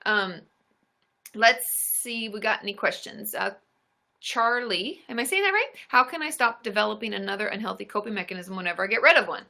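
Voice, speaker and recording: A woman's voice: mid-range voice, a little fast, creaky. A young adult woman therapist hosting a live stream, upbeat and encouraging as she answers viewers. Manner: upbeat and encouraging, squeals excitedly at gifts.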